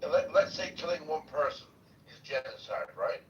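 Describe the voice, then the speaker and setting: A man's voice: a little high, lively intonation, moderate pace, dull audio. A man moderating a casual debate in an online audio room, argumentative and often repeating words as he presses his point. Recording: distant mic with faint hiss.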